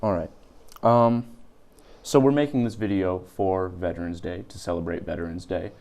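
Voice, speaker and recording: A man interviewing a guest, asking his questions hesitantly with ums and pauses. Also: low-pitched, steady tone, gravelly, a little mellow.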